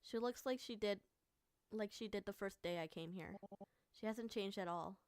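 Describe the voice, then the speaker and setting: A woman reads a story game aloud for her stream, her voice mid-pitched and dry in the mic with no room around it. She moves between narrating scenes and reacting out loud with strong feeling, swearing now and then. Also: moderate pace, no echo. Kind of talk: reading a visual novel aloud with commentary.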